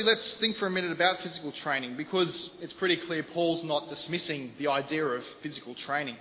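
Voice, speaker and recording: A man giving a lively, conversational sermon to a congregation. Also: fairly high pitch, fairly quick, hardly any pauses. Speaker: preacher. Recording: long hall reverb, faint background noise.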